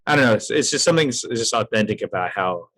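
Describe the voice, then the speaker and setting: A man's voice: on the low side, animated, fast, fairly bright tone. A man hosting a casual filmmaking podcast, talking in a loose, rambling way full of restarts. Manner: rambling, with many fillers and restarts. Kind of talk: casual chat.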